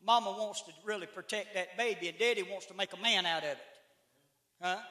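A man preaching a sermon in a church, folksy, with shouted calls to the congregation. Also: high-pitched, brisk. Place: church sanctuary. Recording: echoey church room.

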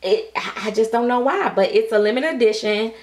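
Gushing American woman, excited vlog review. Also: fairly high pitch, brisk. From United States. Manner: gushing, breathless exclamations, frequent "oh my God"; Southern American Black vernacular, "y'all". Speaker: reborn doll artist reviewing kits.

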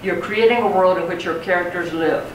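Speaking briskly in a mid-range voice, a poetry teacher gives a chatty lecture and keeps checking in with the class. It's recorded from a distance in an echoey classroom with faint background noise.

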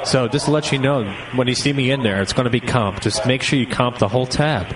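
A man's voice: medium pitch, quick pace. A man making a prank phone call, pushy and accusing in a mock-offended way. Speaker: prank caller. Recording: distant noisy phone line.

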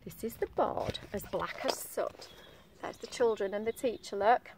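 A woman's voice: medium pitch, unhurried, a little mellow, a little hiss or hum. A woman reading a picture book aloud to young children in a sing-song voice, stopping to ask them questions.

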